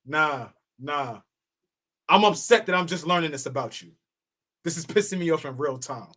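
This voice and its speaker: A New host leads a casual podcast chat. He teases his co-host in street slang and laughs often. His voice sits a little high for a man. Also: lively intonation, moderate pace, fairly bright tone. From New York (Queens).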